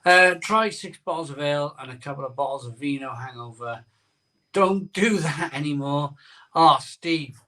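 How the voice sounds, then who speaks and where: A man hosts a live beer-drinking stream and tells a story in a loose, rambling way, often repeating his words. His voice sits a bit high and sounds bright. He is heard from some distance from the microphone. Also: normal speed. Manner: chatty, rambling, repeats phrases.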